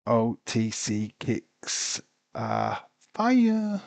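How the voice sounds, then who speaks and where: A man's voice: medium pitch, huge pitch swings, very slow, creaky, a little mellow, dry recording. A sleepy, tired man commentating a live wrestling watch-along, rambling and talking to himself. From United Kingdom.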